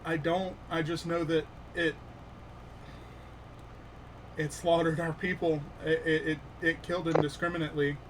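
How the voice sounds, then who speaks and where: A man voicing a halting, fearful goblin survivor. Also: fairly high pitch, flat delivery, background noise, lightly acted. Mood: grieving. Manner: broken, halting speech.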